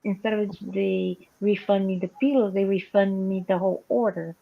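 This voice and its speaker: A woman's voice: medium pitch, moderate pace, gravelly, lo-fi sound. A woman with a non-native English accent, hosting a casual live chat and acting out the calls she tells about. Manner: animated storyteller, acts out quoted dialogue. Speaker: livestream host.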